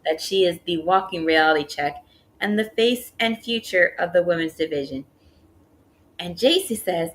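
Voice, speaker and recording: Low-voiced woman recapping steadily. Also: unhurried, rough recording. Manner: steady matter-of-fact recapping. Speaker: podcast co-host. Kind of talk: casual wrestling recap.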